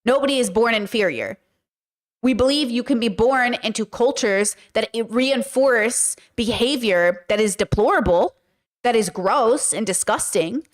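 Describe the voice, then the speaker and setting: A woman commentator talking in an emphatic, sarcastic manner. Her voice sits fairly high for a woman. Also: unhurried. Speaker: commentary host. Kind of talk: casual commentary.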